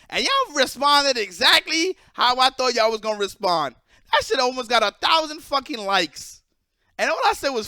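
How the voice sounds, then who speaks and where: A young man with a very high, bright voice rants to his viewers in a blunt, profane, animated way. The sound is dry and close, with no room echo. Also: moderate pace. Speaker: esports player and streamer. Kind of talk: casual ranting monologue to viewers.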